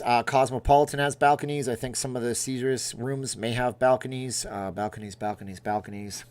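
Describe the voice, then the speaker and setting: A middle-aged man hosting a casual livestream, talking at an ordinary mid pitch. He rambles from one viewer comment to the next, tossing in jokes and asides as he goes. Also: steady tone, fairly quick, few pauses, a little mellow. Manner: rambling, jokey, reacts aloud to viewer comments. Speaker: livestream host reading chat.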